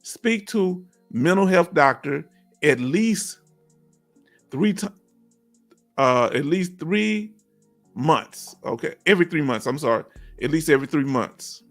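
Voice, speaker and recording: High-voiced man hosting a livestream. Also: animated, slow, pauses often, a bit bright. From Houston, Texas. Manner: folksy, encouraging, reads viewer comments aloud. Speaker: livestream host. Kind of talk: casual livestream chat. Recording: faint music behind.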